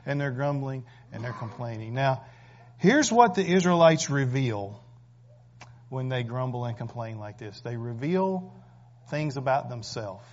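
Emphatic preacher, lo-fi sound. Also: male voice, mid-range voice, lively intonation, measured pace. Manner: emphatic, rhetorical questions, frequent "right?". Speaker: pastor. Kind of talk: sermon. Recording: dull lo-fi recording.

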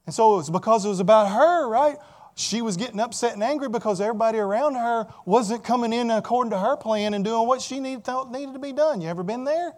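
A man's voice: very high voice, fast. A man preaching a sermon as a pastor, often asking his listeners rhetorical questions.

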